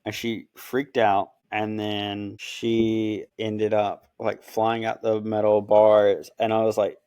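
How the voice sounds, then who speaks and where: A man in casual chat, telling stories with animated, acted-out quotes. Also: lowish voice, takes it slowly, hardly any pauses, clear, resonant tone, dry recording, studio quality. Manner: animated storytelling, acts out quotes. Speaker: podcast co-host.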